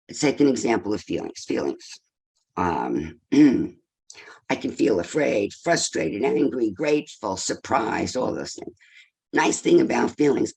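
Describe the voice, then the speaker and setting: Older man, low husky voice, lively intonation, informal talk, rhetorical questions. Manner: conversational, asks rhetorical questions, tags with "right?". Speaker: speaker on relationships.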